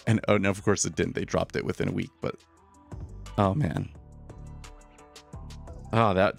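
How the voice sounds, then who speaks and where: Casting note: low, gravelly man, loose opinionated trading chatter, faint music under him. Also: flat delivery, normal speed, pauses often. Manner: casual, opinionated, repeats words when starting sentences. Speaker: day trader streaming live. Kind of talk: live trading commentary.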